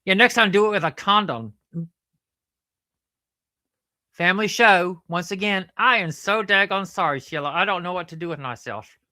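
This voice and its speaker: A woman's voice: lowish voice, brisk, pushed and bright, no echo. A woman voicing a crude, cheeky male platypus puppet in a ventriloquist comedy act, brash and teasing, always calling the host by name. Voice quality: brash, teasing, keeps saying the host's name.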